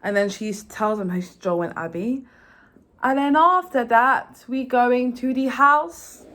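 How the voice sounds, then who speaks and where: A young woman giving a rambling, excitable recap of a video game's story, full of fillers and restarts. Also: on the high side, measured pace. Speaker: vlogger. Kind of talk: casual game recap.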